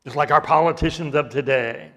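A man preaching a sermon, reading scripture aloud with dramatic emphasis and explaining it slowly and deliberately, his intensity rising as he goes. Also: a little high, gravelly, sharp tone. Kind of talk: expository sermon.

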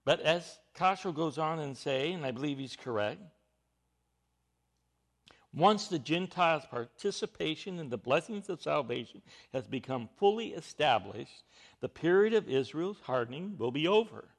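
A man's voice: on the high side, animated, normal speed. A man preaching a Bible teaching sermon, emphatic and stressing key words.

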